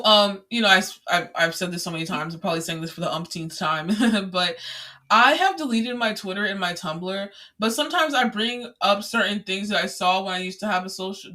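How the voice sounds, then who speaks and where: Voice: medium pitch, bright, forceful tone. A young adult podcast host rambling through a casual solo monologue with many filler words and an exasperated tone. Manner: exasperated ranting.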